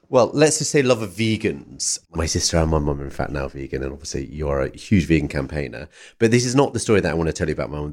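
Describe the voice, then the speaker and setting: A man hosting a podcast, telling a long rambling anecdote in an animated, chatty way. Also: extremely low pitch. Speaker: podcast host. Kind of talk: conversational storytelling.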